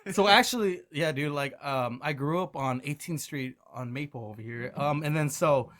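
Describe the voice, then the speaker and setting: A man from Michigan, a podcast guest telling stories in casual chat, animated and quick to laugh, often restarting his sentences. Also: on the high side. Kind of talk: casual storytelling.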